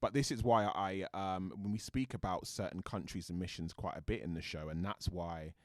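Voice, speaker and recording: A man's voice: sits low, steady tone, normal speed, no room sound, clean studio sound. A British man, an actor guest, chatting thoughtfully in an interview and often restarting his sentences. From Britain. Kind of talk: casual interview chat.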